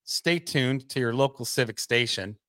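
A man's voice: medium pitch, moderate pace, a bit bright, dry recording. A man co-hosting a radio talk show, chatting casually and making sarcastic jokes. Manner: joking, sarcastic. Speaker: radio co-host.

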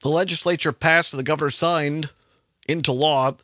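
A man's voice: fairly high pitch, steady tone, moderate pace, bright, forceful tone, dry recording, clean studio sound. A man hosting a political talk radio show, delivering pointed commentary with rhetorical questions and occasional mocking asides.

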